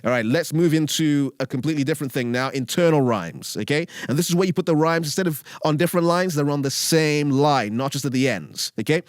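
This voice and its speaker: A man's voice: fairly high pitch, a little fast, hardly any pauses, no echo. A man with a British accent giving a casual lesson on writing rap lyrics, often checking in with "all right?" and "okay?". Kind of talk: casual instructional talk with rap examples. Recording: dry close mic with faint beat underneath.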